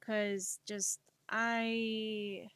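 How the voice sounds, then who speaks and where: A woman's voice: medium pitch, little pitch movement, extremely slow, fairly bright tone, no echo. A young woman with a Spanish accent, chatting casually on a stream while she draws, rambling and poking fun at herself. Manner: rambling, self-deprecating, laughs often.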